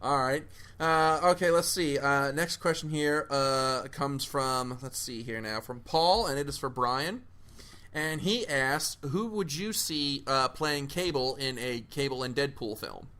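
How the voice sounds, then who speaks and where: A man's voice: medium pitch, measured pace, pushed and bright, clean tone. A man hosting a casual panel podcast, reading listener questions aloud with plenty of "uh" fillers. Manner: upbeat, reads listener questions with many fillers. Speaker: podcast host.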